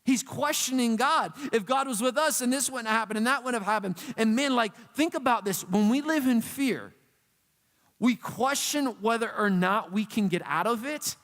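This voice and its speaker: A youth pastor preaches in a casual, slangy, animated way. His voice sits high for a man and carries long hall reverb. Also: moderate pace. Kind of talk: sermon.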